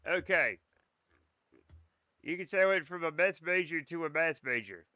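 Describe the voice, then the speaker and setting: A man's voice: on the high side, lively intonation, moderate pace, bright, forceful tone, dry recording. A young man streaming a game, chatting casually and sarcastically with his chat and swearing now and then. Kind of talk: casual chat reading live chat while gaming.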